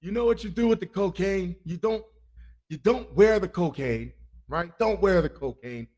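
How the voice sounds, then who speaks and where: A man hosts a comic news podcast in a loose, rambling way, cracking jokes and cursing freely. His voice sits a bit higher than most men's. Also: expressive, normal speed, a little mellow. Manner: rambling, joking, laughs often, profane. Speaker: podcast host. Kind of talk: comic crime news talk.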